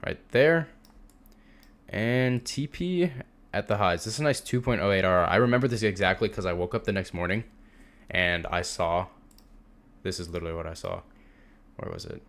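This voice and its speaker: A man's voice: low-pitched, normal speed, pauses often, fairly bright tone. A young man teaching a trading lesson over a screen share, casual and emphatic, repeating words for stress. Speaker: trading instructor.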